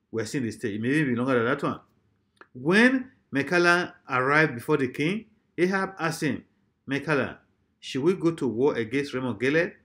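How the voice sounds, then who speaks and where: Man, pastor, sermon, emphatic, repetitive questions, fairly high voice.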